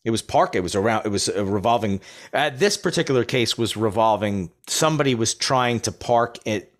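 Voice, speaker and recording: A man hosting an interview, talking in a halting, reflective way with many restarts. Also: fairly low pitch, lively intonation. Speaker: podcast host. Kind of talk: casual interview chat.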